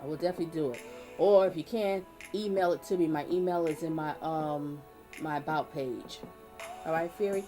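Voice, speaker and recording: A woman's voice: deep voice, a little fast, dark tone, soft background music. A woman hosting a live advice stream, chatting with viewers and leading a prayer. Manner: chatty, reads out viewer comments, prays earnestly.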